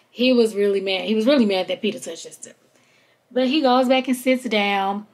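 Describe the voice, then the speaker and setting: A woman's voice: mid-range voice, normal speed. A woman hosting a podcast, telling a reality-show episode in casual chat and quoting the cast as she goes. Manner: chatty, animated retelling with quoted voices. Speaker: podcast host.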